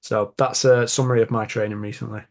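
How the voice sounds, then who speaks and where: A man's voice: medium pitch, little pitch movement, fast, gravelly. A man hosting a podcast, telling rambling stories in a casual chatty way. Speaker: podcast host.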